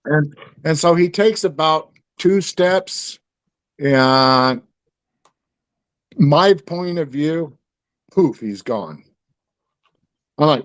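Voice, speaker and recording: A man's voice: on the high side, animated, takes it slowly, pauses often, no echo. A man telling a story in casual conversation, rambling, with many fillers and restarts. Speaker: guest.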